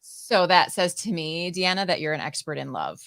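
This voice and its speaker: Woman host, low bright voice, encouraging interviewer, dry close mic. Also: sing-song, normal speed, creaky, no echo. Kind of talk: interviewer chat.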